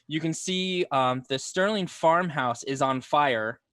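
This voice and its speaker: Halting game master narrating. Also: male voice, on the high side, fairly bright tone, no room sound, studio quality. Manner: loose, halting with fillers.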